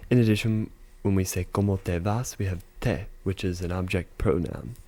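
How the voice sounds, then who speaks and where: A man teaching a casual video lesson, explaining step by step with frequent fillers and slowly repeating example phrases. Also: low voice, dark tone. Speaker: language teacher.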